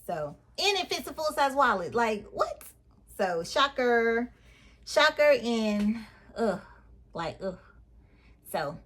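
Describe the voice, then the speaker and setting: A woman's voice: mid-range voice, fairly bright tone, slightly rough. A woman, chatting to her viewers in a casual unboxing vlog, exasperated and talkative. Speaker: vlogger.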